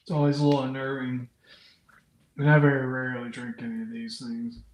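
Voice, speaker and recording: A man's voice: medium pitch, completely flat delivery, a little fast, reverberant, poor audio. A man hosting an unscripted livestream, chatting casually and reading out viewers' comments as he rambles. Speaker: livestream host. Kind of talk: unscripted live chat with viewers.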